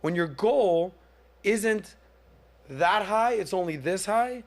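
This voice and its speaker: Host type, forties, man, slightly high voice, animated storyteller who slips into mock voices for quotes. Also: takes it slowly. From Miami area. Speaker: podcast host. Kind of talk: casual storytelling monologue.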